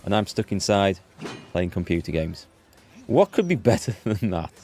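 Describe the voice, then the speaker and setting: A man's voice: sits low, big pitch swings, moderate pace, darkish tone, slight background noise. A man from northeast England streaming a video game, chatty and self-deprecating as he thinks aloud. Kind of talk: casual live-stream commentary.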